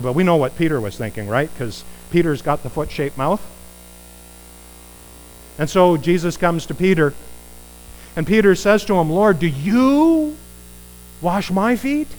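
A man preaching a conversational sermon, animated and putting rhetorical questions to his listeners. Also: on the high side, moderate pace, long pauses, low-quality recording.

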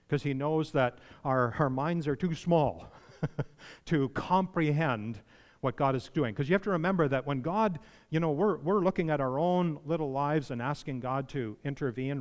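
A man preaching a sermon, conversational and then emphatic, asking his listeners questions. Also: mid-range voice. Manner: conversational, rising to emphatic pleading when voicing others. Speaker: pastor. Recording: long hall reverb.

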